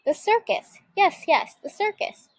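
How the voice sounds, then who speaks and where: A woman voicing a grouchy, hungry old witch who screeches and shouts. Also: high voice, expressive, normal speed, dry recording. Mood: excited.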